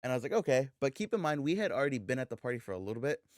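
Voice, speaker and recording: A man co-hosting a podcast, telling a story in a loose, animated way, swearing freely and acting out the dialogue. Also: mid-range voice, rapid-fire, no echo, clean studio sound. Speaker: podcast co-host. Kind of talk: casual storytelling chat.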